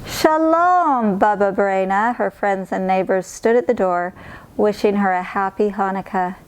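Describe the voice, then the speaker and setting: A woman reading a picture book aloud in a calm, clear storytelling manner. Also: medium pitch, normal speed. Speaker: storybook reader.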